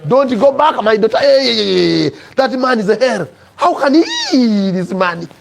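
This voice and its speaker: A man voicing an agitated, protective middle-aged aunt, loud and repeating alarmed exclamations. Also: high voice, quick pace, gravelly, slight background noise, voice pushed up.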